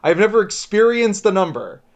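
A man's voice: sits high, big pitch swings, normal speed, creaky. A man in casual chat with friends, joking, rambling and laughing often.

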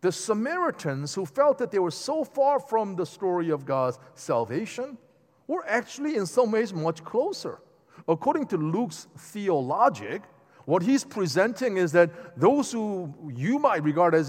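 Man preaching, higher voice, lively pitch, chatty asides, church hall echo. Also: normal speed. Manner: animated, conversational preaching with asides to the congregation. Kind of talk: sermon. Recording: long hall reverb.

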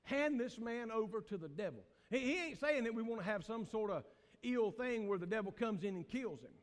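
A middle-aged pastor with a strikingly high voice, preaching in a preacher's cadence that drops to a hush and climbs to shouts. His words ring out with a long reverb in a church hall. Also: lively intonation, a little fast. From American South. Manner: Southern preacher cadence, swings from hushed to shouting. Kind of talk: sermon. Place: church sanctuary.

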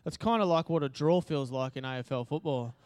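A man's voice: fairly high pitch, brisk, darkish tone, clear, resonant tone. An Australian man giving a casual, chatty sermon at church, joking and using lots of fillers. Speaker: preacher. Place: church hall.

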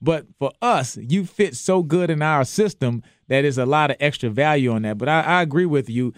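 A man from New Orleans, a former football player, talking sports in a relaxed way, often restarting his sentences. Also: fairly high pitch, moderate pace, no echo, clean studio sound. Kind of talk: casual sports chat.

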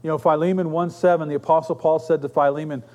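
A man's voice: a little high, steady tone, fast talker, mellow. A man preaching a sermon as pastor, telling stories in a conversational way with casual asides to his congregation. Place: church sanctuary. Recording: long reverb of a church hall.

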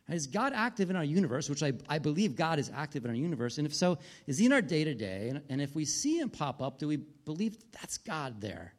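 A man's voice: fairly high pitch, big pitch swings, fairly quick, few pauses. A man, a pastor in his thirties with a wife and kids, preaching a sermon in a conversational storytelling way, full of restarts and asides.

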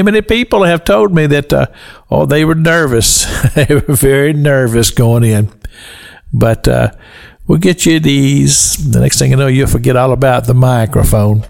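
A man's voice: mid-range voice, moderate pace, creaky, a little mellow. An older man, hosting a Christian radio show in a folksy, earnest, conversational way. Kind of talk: devotional radio talk.

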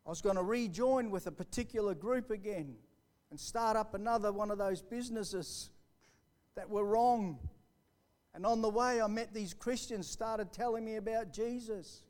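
A man preaching a sermon live in church, building to fervent emphasis and then dropping to a hushed storytelling voice. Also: high voice, normal speed. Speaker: pastor. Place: church hall, recorded live.

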